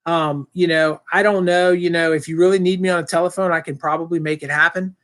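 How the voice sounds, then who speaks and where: A man's voice: a little high, flat delivery, a little fast, fairly bright tone. A man hosting his own live stream, reading viewer comments and answering them in a loose, rambling way with many fillers and restarts. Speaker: channel host answering live chat. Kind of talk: casual live-stream chat.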